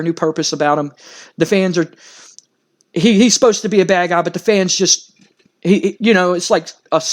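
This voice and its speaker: A man casually narrating a wrestling game playthrough, rambling and full of fillers. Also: fairly high pitch.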